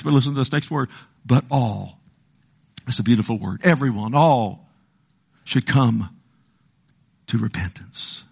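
An older man preaching a sermon, repeating phrases and swinging between hushed, slow passages and loud, emphatic ones. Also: medium pitch, vocal fry, slightly rough.

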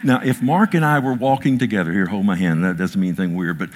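A man preaching a sermon as pastor, talking with people in the crowd and asking for amens. He swings from loud, rising declarations to hushed whispers. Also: low-pitched, fast, a little hiss or hum. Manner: quotes scripture and asks the crowd for amens. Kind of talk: sermon with audience interaction.

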